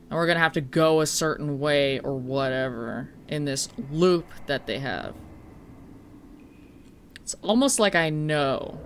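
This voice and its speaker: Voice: mid-range voice, fairly bright tone, slight background noise. A streamer playing a horror game live, chatting and swearing, breaking into shrieks when startled.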